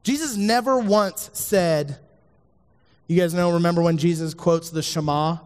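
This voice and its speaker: A man's voice: a little high, a little slow. A man preaching a sermon as a youth pastor, speaking earnestly to his listeners and repeating the key lines. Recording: long hall reverb.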